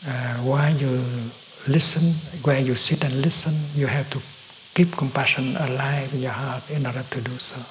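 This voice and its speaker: A man giving a slow, gentle dharma talk as a meditation teacher, halting often and dropping to a soft whisper at times. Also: medium pitch, steady tone, slight background noise, poor audio.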